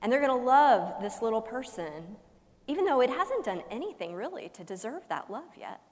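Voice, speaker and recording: A woman pastor delivering a sermon as a humorous story, with dramatic pauses and shifts between loud emphasis and hushed soft lines. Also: on the high side, sing-song. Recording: long reverb of a large hall.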